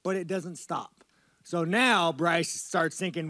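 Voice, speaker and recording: Profane rambling fighter, bro-ish. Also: male voice, on the high side, slow, bright, forceful tone, dry recording. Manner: profane, rambling and loose, often calling people dude. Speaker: fighter at a media interview. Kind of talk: casual media-day interview.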